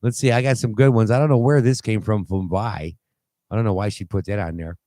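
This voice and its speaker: A man hosting a call-in talk show, rambling and halting with many fillers and restarts as he reads posts aloud. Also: on the low side, fairly even intonation, mellow, dry recording. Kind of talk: casual call-in show commentary.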